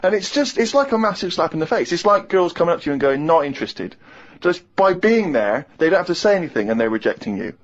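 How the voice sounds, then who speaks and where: A man's voice: high voice, fast talker, few pauses. A man in his thirties, co-hosting a radio show and telling a funny story, acting out other people's lines and laughing as he talks. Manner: animated anecdote-telling, acts out others' lines, laughs mid-sentence. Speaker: radio co-host. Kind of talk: casual radio chat, storytelling. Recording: slightly muffled radio recording.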